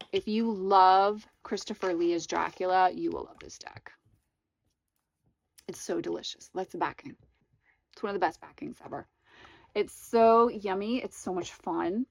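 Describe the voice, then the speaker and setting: A woman's voice: mid-range voice, vocal fry, dry recording, rough recording. A woman hosting a casual vlog, gushing with enthusiasm as she shows off tarot decks and candles, stretching out words for emphasis. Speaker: tarot reader and channel host. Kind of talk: casual show-and-tell vlog.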